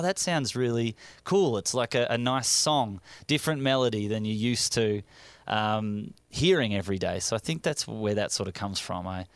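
A man's voice: on the low side, fairly bright tone, clean tone, no echo. A man from Australia with an Australian accent, a comedian chatting as a radio guest and joking about himself. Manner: jokey, self-mocking, laughs often. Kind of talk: casual radio interview chat.

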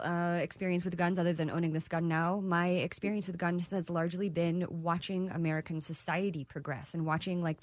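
A woman's voice: on the low side, no echo. A woman from Texas as a guest, speaking thoughtfully with frequent hesitations. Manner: thoughtful, hesitant, many fillers. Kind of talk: casual interview.

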